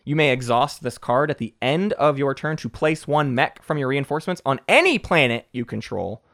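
Animated man chatting about board game strategy. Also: mid-range voice, moderate pace. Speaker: co-host. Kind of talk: casual strategy chat.

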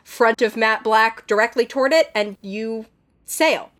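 A woman's voice: a little high, a little slow. Lady gm narrating a tabletop game, laid back, lots of likes and ums. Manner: relaxed, loose narration with fillers. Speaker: game master.

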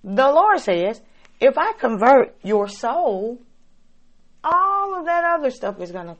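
A woman preaching a sermon, slow and dramatic, swinging between loud emphatic lines and soft, hushed ones. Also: sits high, big pitch swings, lo-fi sound.

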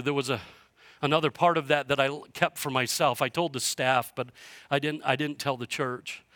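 Bright, passionate male pastor preaching. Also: medium pitch, no room sound. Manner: passionate preaching, swinging from hushed to loud. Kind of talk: sermon. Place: church sanctuary.

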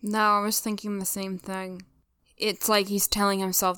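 A woman's voice: mid-range voice, little pitch movement, moderate pace, pushed and bright, smooth, dry recording, studio quality. A woman co-hosting a casual podcast, earnestly and emotionally retelling scenes of a TV episode. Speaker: podcast co-host. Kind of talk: casual recap chat.

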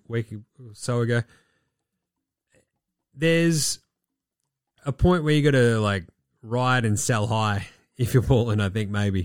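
A man hosting a casual podcast, swearing and rambling, his voice going hoarse. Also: mid-range voice, dry recording, clean studio sound. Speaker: podcast host. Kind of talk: casual basketball chat.

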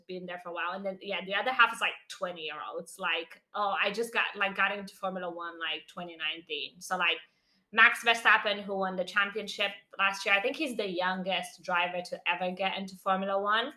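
A woman with a bright, clear tone talks through a topic in a loose, chatty way. She strings thoughts together with lots of "like" and "um", laughing now and then as she goes. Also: mid-range voice. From non-English name, living in London. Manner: chatty, explains with many fillers and laughs. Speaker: podcast co-host. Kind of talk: casual chat.

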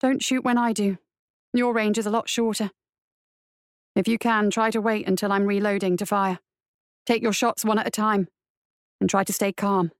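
A woman voicing a seasoned female caravan guard who speaks brisk and matter-of-fact. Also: mid-range voice, flat delivery, clean tone, dry recording, studio quality, close to an everyday voice.

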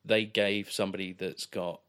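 Deep-voiced man, relaxed film chat. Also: normal speed, smooth. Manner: relaxed, filler-heavy, agreeable. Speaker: podcast co-host. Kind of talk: casual film discussion.

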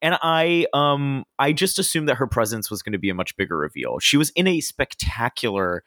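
A man's voice: mid-range voice, brisk, no echo, studio quality. A man co-hosting a podcast, telling stories casually and expressively. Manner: expressive storytelling, laughs often. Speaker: podcast co-host. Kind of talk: casual chat.

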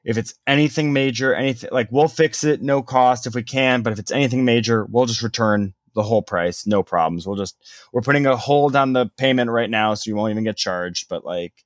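A man's voice: medium pitch, brisk, no room sound, clean studio sound. A young man telling a long story in casual chat, rambling with lots of "like" and casual swearing.

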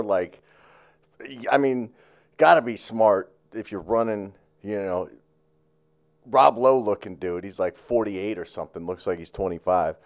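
A man's voice: lowish voice, unhurried. A man co-hosting a sports chat show, talking in a rambling, profane way with lots of fillers and restarts.

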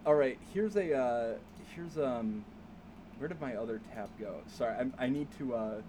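Halting man reading forum posts aloud. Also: medium pitch, expressive, background noise. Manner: halting, many fillers and restarts, laughs often. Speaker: podcast host. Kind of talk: casual comedic chat, reading forum posts.

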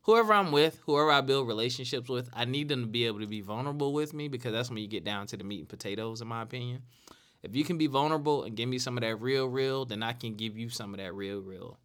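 A man's voice: medium pitch, fast talker, fairly bright tone. A man in his late thirties hosting a casual solo talk show, earnest and repeating phrases for emphasis. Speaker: podcast host.

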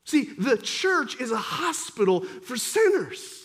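A man preaching a sermon as pastor, swinging between forceful emphasis and quiet intensity. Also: extremely high pitch, big pitch swings, slow, hardly any pauses, breathy edge.

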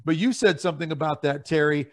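Earnest guy on a catholic talk show, kinda high voice, preachy, stumbles over words a bit. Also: fast. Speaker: guest, Catholic ministry leader. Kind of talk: casual talk show discussion.

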